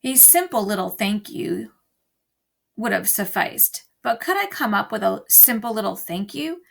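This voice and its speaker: A woman teacher reading a novel aloud to an online class, telling it in an expressive storytelling way. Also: medium pitch, unhurried, gravelly.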